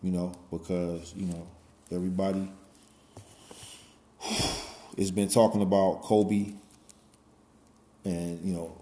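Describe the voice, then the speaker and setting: Taking it slowly with long pauses, a man in his forties speaks in a low, warm voice that barely moves in pitch. He rambles through a casual monologue full of "you know," "man," and loose profanity, in an echoey room.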